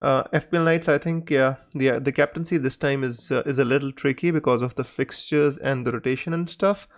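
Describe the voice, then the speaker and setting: A man hosting a casual live stream Q&A, greeting viewers by name and talking in a hesitant, pausing way. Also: medium pitch, fairly even intonation.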